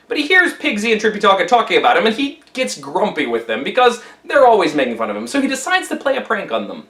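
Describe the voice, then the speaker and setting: Animated man retelling a story. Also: sits high, fast, hardly any pauses, echoey room. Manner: animated and playful.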